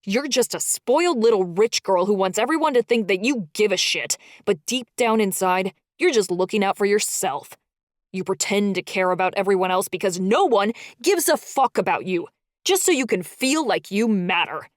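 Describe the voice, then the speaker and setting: A woman playing a raging young man, loud and growling, with a clean, dry close-mic sound. Give me that constant ranting heat. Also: on the low side, expressive, moderate pace, no echo, close to an everyday voice. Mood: angry. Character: hot-tempered young man, angry and growling.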